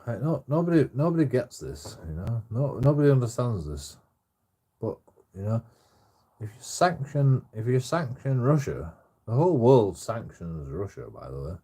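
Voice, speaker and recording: A man's voice: medium pitch, very animated, moderate pace, dark tone, husky. A man rambling in casual chat as a streamer, swearing constantly and stammering through restarts.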